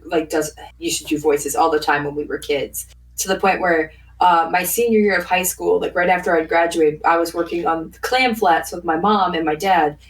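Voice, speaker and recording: A woman's voice: lowish voice, recorded from a distance, poor audio. A woman guest on a podcast, chatting casually in long rambling stretches with frequent laughs and fillers. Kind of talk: casual chat.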